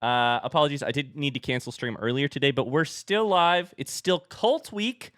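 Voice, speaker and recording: A man's voice: fairly high pitch, moderate pace, fairly bright tone, dry recording, clean studio sound. Playful man hosting a live stream. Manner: playful, jokey game-show banter. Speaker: stream host.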